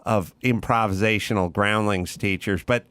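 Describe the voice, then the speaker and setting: A middle-aged man hosting a casual chat, an animated storyteller who loudly imitates other people. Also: on the low side, normal speed, smooth, no echo. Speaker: podcast host.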